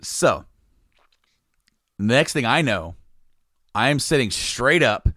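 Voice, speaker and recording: A man's voice: medium pitch, animated, takes it slowly, a bit bright, dry recording, clean studio sound. A man telling a long personal story in casual chat, rambling and restarting sentences, laughing often. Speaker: podcast guest telling a story.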